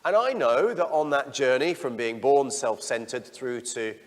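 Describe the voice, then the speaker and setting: A middle-aged parish priest giving a sermon, telling stories about himself in a candid, self-deprecating way. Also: male voice, mid-range voice, measured pace, long reverb tail. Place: church.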